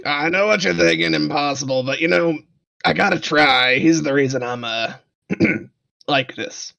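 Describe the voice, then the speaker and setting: A man playing an erratic, self-declared insane adventurer in a tabletop game, blurting out halting lines. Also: fairly high pitch, vocal fry, pushed and bright, muffled recording. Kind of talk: tabletop role-play in character.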